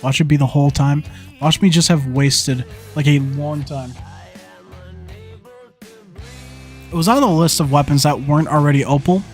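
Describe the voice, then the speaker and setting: A young man streaming a zombie shooter, commentating as he plays, often frustrated and swearing, going from mumbled asides to loud outbursts. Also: on the high side, steady tone, measured pace, long pauses, soft background music. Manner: frustrated, swearing, talking to the game; flips between mumbled asides and yelled outbursts. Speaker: gaming streamer. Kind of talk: live gameplay commentary.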